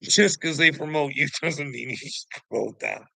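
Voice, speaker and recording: A man's voice: a little high, moderate pace, vocal fry, pushed and bright, no echo, pitched above the performer's own voice, full character voice. A man voicing Jesus as a scolding figure at someone's door, swearing as he tells him off in a casual vlog rant. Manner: profane, scolding.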